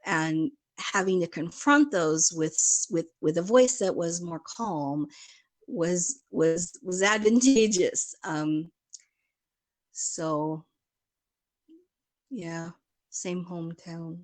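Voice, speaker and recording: A woman's voice: fairly low pitch, slow, long pauses. A woman from Chicago chatting casually as a guest, rambling in a stream-of-consciousness way and laughing often. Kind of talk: casual chat.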